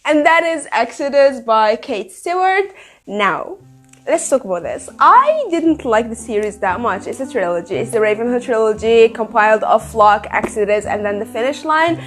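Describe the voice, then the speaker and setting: A woman hosting a casual book review vlog, talking in an emphatic, animated way and swearing freely. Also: on the high side, moderate pace, soft background music. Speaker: book reviewer, channel host.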